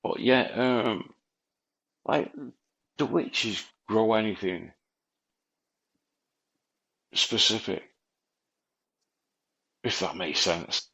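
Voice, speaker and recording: A man's voice: lowish voice, very slow, pauses often, a bit bright, slightly rough. An English man hosting a podcast, chatting casually over a remote call in a laid-back way, laughing often and calling his guest mate. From England. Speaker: podcast host. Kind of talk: casual conversation.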